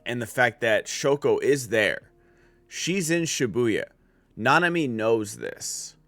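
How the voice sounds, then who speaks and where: A man's voice: medium pitch, lively intonation, takes it slowly, fairly bright tone, no echo, faint music behind. A man giving a casual spoken anime review as a streamer, rambling with many filler words and restarts.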